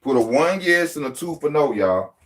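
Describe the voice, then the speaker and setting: A man hosting a live boxing channel stream, talking straight to his viewers in loud street-style banter, mocking and teasing. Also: a little high, animated, moderate pace.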